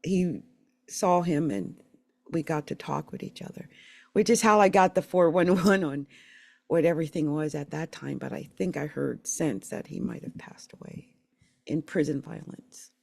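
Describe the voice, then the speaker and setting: A middle-aged woman from the Philadelphia area telling her life story in a candid, emotional, rambling way, with halting restarts. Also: sits low, vocal fry, a little mellow, dry recording. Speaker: channel host sharing her life story. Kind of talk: personal storytelling monologue.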